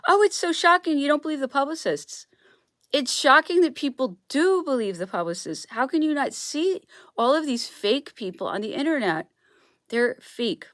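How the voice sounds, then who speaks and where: Woman ranting on her vlog, goes round in circles, mid-pitched voice, dry close sound. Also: fairly bright tone, dry recording. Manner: rambling, emphatic, restarts and repeats herself. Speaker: vlogger. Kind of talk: casual solo monologue.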